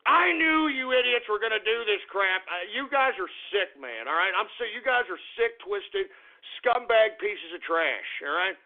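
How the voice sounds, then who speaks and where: A man hosting a radio talk show, ranting abrasively with profane shouted insults at listeners. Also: sits high, lively intonation, moderate pace. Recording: phone-like lo-fi radio sound.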